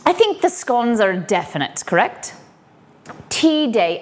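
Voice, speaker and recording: An English woman hosting a casual live cooking stream from her home kitchen, chatty and rambling with cheeky asides. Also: high-pitched. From England.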